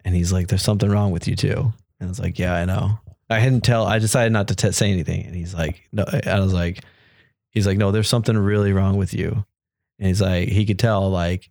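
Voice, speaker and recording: Guest storyteller: man, low voice, dry sound, lively quoted dialogue. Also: brisk, vocal fry, no echo. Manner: animated, acts out quoted dialogue. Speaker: podcast guest. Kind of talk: casual storytelling in an interview.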